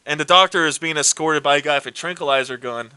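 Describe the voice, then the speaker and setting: A man co-hosting a casual movie chat, retelling plots with lively acted quotes and swearing. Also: a little high, quick pace, clean tone, no room sound. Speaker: co-host.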